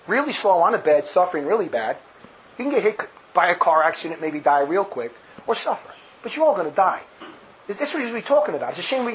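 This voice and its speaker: A man giving emphatic, sarcastic commentary on a speech, laughing at his own jabs. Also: high voice. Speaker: religious commentator. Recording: dull lo-fi with faint noise.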